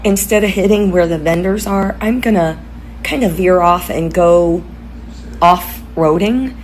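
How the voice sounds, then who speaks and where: A woman's voice: mid-range voice, darkish tone, poor audio. A woman vlogging casually from a hotel room, chatting with enthusiasm about her vintage finds. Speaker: home decor vlogger. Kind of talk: casual vlog chat. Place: hotel room, sitting in bed. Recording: faint background noise.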